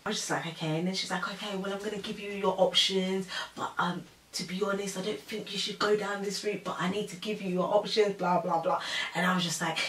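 A woman's voice: mid-range voice, a little fast, hardly any pauses. Chatty young woman, roomy distant sound. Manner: animated, chatty, full of fillers and acted-out quotes. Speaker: storyteller guest. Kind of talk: casual chat.

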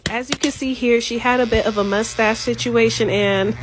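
A woman's voice: a little high, fairly even intonation, moderate pace. A woman doing comedic skits in a brassy, sassy manner, switching between characters. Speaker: comedy creator.

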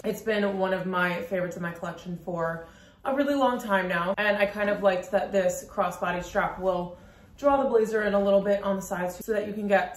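A woman fashion vlogger talks straight to camera in a relaxed, chatty way, sprinkling "like" through her sentences. Her voice sits in an ordinary middle pitch. The room is noticeably echoey around her. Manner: chatty, quick, lots of "like" fillers. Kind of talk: casual outfit walkthrough to camera. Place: room at home during a work lunch break. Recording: roomy echo.

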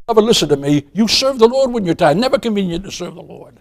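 An older man preaches a sermon as pastor in a high-sitting voice with big pitch swings and a fast pace, recorded in poor audio. He's emphatic, repeatedly calls his listeners "beloved," and asks the congregation questions.

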